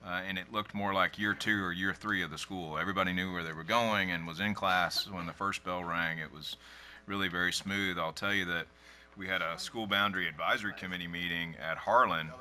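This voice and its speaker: A man's voice: sits low, fairly even intonation, fairly quick, pushed and bright. A man, a school superintendent, reporting to a board in a conversational way with many "uh" fillers.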